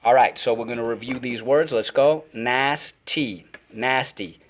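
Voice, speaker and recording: Energetic man teaching phonics to kids. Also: medium pitch, measured pace. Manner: energetic, repeats words for children to echo. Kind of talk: classroom phonics lesson.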